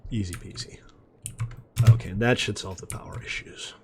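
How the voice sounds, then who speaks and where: A man casually commenting on his city-building game as he plays, relaxed and chatty with self-deprecating asides. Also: fairly low pitch, normal speed, background noise. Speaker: gaming video host. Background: faint mouse clicks and typing.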